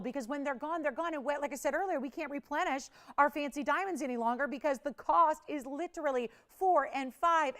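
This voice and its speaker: A woman hosting a live TV shopping show, pitching with urgent countdowns and chatty, confiding asides from a studio. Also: fairly bright tone. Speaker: shopping channel host.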